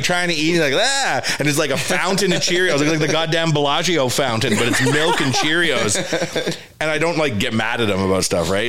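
A man co-hosting a podcast in casual chat, telling stories with jokes and acted-out quotes. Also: on the high side. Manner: animated storyteller, jokey, acts out quotes. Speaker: podcast co-host.

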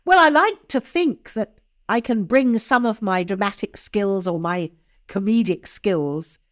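An older woman with an upper-class English accent and very precise, crisp diction, talking as an interview guest. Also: medium pitch, animated, unhurried. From England. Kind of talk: conversational interview.

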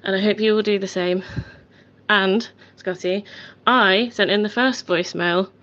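A woman's voice: medium pitch, fairly even intonation, unhurried, a bit bright. Female caller with a frank, defiant voicemail, sweary delivery, on a dull lo-fi phone recording. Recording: dull lo-fi voice message.

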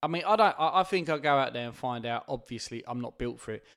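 A man's voice: mid-range voice, expressive, fast talker, fairly bright tone. A man co-hosting a podcast, chatting loosely with crude jokes and frequent laughter. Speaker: podcast co-host. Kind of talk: casual comedic chat.

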